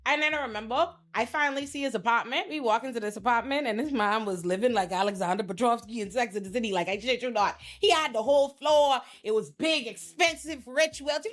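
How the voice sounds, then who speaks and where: A woman's voice: a little high, fairly quick, hardly any pauses, fairly bright tone. A young woman hosting a casual reality TV commentary, blunt and profane, acting out the people she quotes. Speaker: pop culture commentator host.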